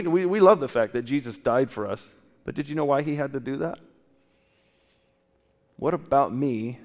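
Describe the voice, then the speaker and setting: A man's voice: medium pitch, darkish tone, big-room sound. A man preaching a sermon as a pastor, asking his listeners one question after another and often restarting his sentences. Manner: asks many rhetorical questions, with restarts. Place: church.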